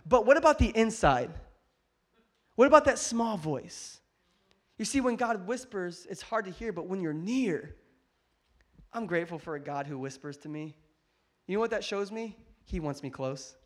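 A man preaching a sermon as pastor, animated and joking, swinging between loud bursts and hushed asides. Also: sits high, moderate pace, pauses often. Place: church hall with congregation.

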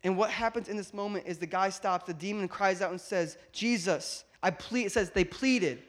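A man preaching a sermon, building to loud emphatic peaks and acting out Bible dialogue. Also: sits high, moderate pace, hardly any pauses. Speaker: pastor.

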